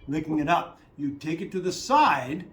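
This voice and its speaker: A man hosting a whiskey channel, chatting casually and jokingly through a tasting, animated and talking over himself. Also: on the high side, normal speed. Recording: echoey room with faint noise.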